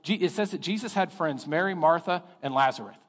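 A middle-aged man preaching a sermon as pastor, telling stories in an animated way and acting out the voices of the people in them. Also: a little high, a little fast. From Texas. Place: church sanctuary. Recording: long reverb of a church hall.

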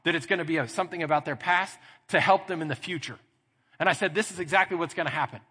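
Texan male pastor, husky edge, animated storyteller in a reverberant church. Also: a little high, fast. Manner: animated storytelling, acting out dialogue. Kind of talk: sermon. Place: church sanctuary.

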